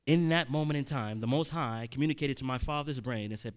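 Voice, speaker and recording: Speaking briskly in a mid-range voice, a man likely in his thirties delivers a sermon through a personal story. He keeps it conversational, often restarting sentences and breaking into sudden loud, emphatic bursts.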